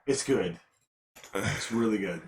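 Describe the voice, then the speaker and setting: A man's voice: fairly low pitch, slow. A man co-hosting a casual podcast who talks in a blunt, emphatic way and swears freely. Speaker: podcast co-host. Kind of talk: casual chat.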